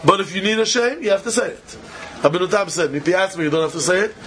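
A man with a high voice lectures on Talmud in a sing-song study chant. He presses his questions and laughs between points. Faint noise hums behind him. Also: fast, a bit bright. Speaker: Talmud teacher. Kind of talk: yeshiva-style Talmud lecture.

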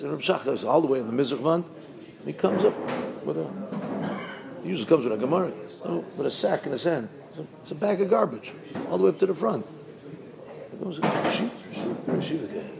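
Animated, gravelly-voiced rabbi preaching. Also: male voice, a little high, low-quality recording. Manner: animated storytelling with chanted repeated verses. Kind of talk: sermon.

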